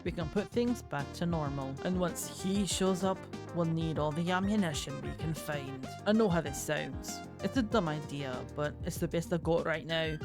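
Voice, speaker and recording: A woman's voice: deep voice, moderate pace, hardly any pauses, music in the background, close to an everyday voice. A woman reading aloud the lines of a worried male boss who pleads earnestly for his staff to catch a thief. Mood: urgent. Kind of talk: reading game dialogue aloud.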